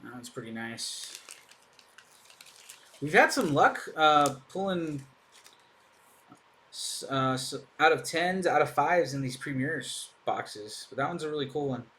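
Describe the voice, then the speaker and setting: A man's voice: on the high side, animated, a little slow, pauses often, pushed and bright, slight background noise. A man hosting a live card break, chatting in an upbeat way as he opens packs and thinks aloud. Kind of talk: casual live commentary while opening packs.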